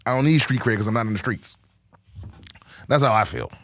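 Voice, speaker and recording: A man's voice: medium pitch, brisk, fairly bright tone. A man hosting a podcast, delivering a profane, rambling comic rant in a casual monologue. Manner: rambling, restarts often. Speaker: podcast host and comedian.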